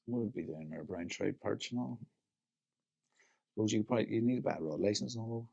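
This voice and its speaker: A man's voice: lowish voice, fairly quick, creaky, darkish tone, breathy edge, muffled recording. Northern Irish man rambling in banter. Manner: rambling, swears a lot, laughs often. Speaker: podcast co-host. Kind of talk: casual chat. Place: DJ studio.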